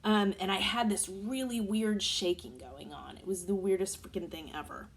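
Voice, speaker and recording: A woman in her forties chatting to the camera, telling a long personal story in an animated, casual way. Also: mid-range voice, normal speed. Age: 40s. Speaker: vlogger.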